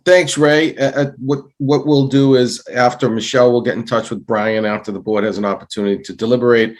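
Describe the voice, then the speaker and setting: A man's voice: medium pitch, fairly even intonation, fairly quick. A man serving as town administrator, politely introducing board members and guiding a candidate interview. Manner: polite, procedural. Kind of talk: chairing a public meeting.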